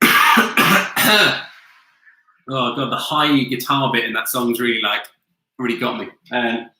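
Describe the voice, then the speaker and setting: Sweary, sharp-voiced quiz host man. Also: medium pitch, lively intonation, slow pace, roomy sound, rough recording. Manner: loose, sweary, chatty. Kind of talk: casual online quiz hosting. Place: home, with a flatmate nearby.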